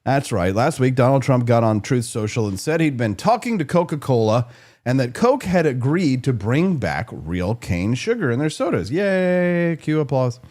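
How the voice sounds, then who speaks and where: Sarcastic talk-show man, lively pitch. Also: moderate pace. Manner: sarcastic, jokey, conversational. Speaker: radio show host. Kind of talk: political talk show monologue.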